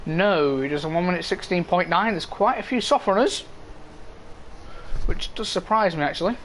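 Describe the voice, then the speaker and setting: A man's voice: sits high, normal speed, fairly bright tone, a little hiss or hum. A man commentating live on an online racing league, casually reading standings and chatting with viewers. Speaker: esports race commentator.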